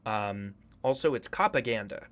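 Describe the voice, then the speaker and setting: A man's voice: fairly low pitch, expressive, normal speed, a bit bright. A man hosting a casual commentary video, profane, joking and hyperbolic. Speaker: YouTube host.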